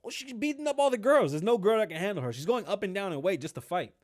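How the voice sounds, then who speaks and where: Man, podcast host, solo, casual commentary, profane, animated, slightly high voice. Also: fast.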